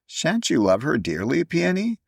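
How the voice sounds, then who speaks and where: A man's voice: on the high side, wildly swooping pitch, normal speed, vocal fry, husky, no room sound, studio quality, pitched above the performer's own voice, exaggerated voice. A man voicing a little girl in a storybook reading, earnest and explaining things with grave wisdom. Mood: eager. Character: little girl, eager and wise beyond years.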